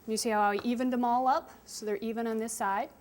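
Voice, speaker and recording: A woman's voice: a little high, fairly even intonation, fast talker. A woman chef giving a hands-on cooking lesson to children, explaining each step patiently. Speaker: chef teaching kids.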